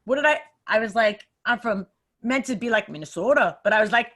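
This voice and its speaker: With a fairly high voice and fast delivery, this young podcast host tells animated stories during a laid-back chat. Laughter comes frequently.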